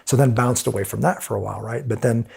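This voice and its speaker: Middle-aged American man, husky with a gravelly edge, an animated storyteller who voices the characters he describes. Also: mid-range voice, quick pace. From United States. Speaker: podcast guest. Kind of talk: storytelling in conversation.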